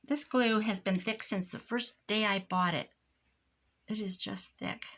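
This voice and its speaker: A woman's voice: mid-range voice, fairly even intonation, a little slow, a bit bright. A middle-aged woman from Iowa talks in a loose, rambling way while she crafts at home. Her chat drifts from one tangent to the next. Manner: rambling, chatty, wanders off on tangents. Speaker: crafter vlogger.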